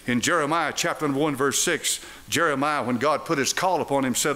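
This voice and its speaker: A man's voice: medium pitch, a little fast, hardly any pauses, pushed and bright. An older man preaching a sermon in church, firing rhetorical questions at the congregation. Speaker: pastor. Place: church sanctuary.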